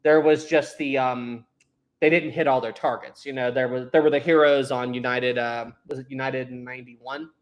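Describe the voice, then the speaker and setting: A man's voice: mid-range voice, fairly even intonation, normal speed, highs cut off. A young man hosting a casual livestream, rambling and laughing often as he reads out chat messages. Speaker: livestream host. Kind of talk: casual live chat reading Super Chats.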